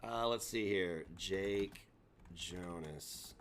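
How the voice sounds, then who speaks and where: A man's voice: mid-range voice, expressive, moderate pace. Sarcastic man ranting on a live stream. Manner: sarcastic, taunting. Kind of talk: mocking live stream rant.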